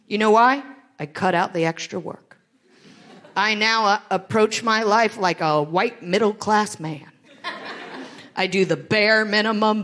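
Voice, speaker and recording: A woman in her late thirties from Ohio, performing a live stand-up set on a theatre stage with animated, exaggerated delivery. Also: a little high. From Greenville, Ohio, USA. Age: 30s. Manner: animated, exaggerated whiny impressions of friends. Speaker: stand-up comedian.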